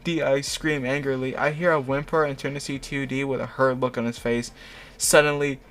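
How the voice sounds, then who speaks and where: Guy reading cringe fanfic out loud, cracks jokes, laughs, trips over words, average pitch. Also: level tone, moderate pace, slight background noise. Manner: mocking asides, laughs often, stumbles over words. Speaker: host.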